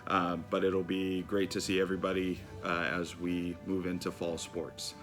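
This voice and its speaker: A man's voice: low voice, monotone, moderate pace, music in the background. A man reading school sports announcements in a plain way with frequent fillers.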